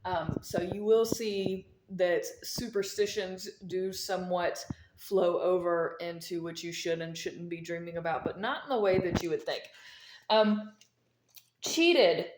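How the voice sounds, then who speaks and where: A woman's voice: lowish voice, measured pace, background noise. A woman talking straight to camera, explaining things emphatically and repeating her key points, with a mint in her mouth. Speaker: vlogger explaining dream omens. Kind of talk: casual instructional monologue. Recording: echoey room.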